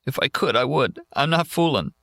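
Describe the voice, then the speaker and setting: A man voicing a young soldier broken by battle, who talks in halting, ashamed, pleading bits. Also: medium pitch, expressive, gravelly, pushed and bright, dry recording, clean studio sound, voice pushed up. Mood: ashamed, shaky.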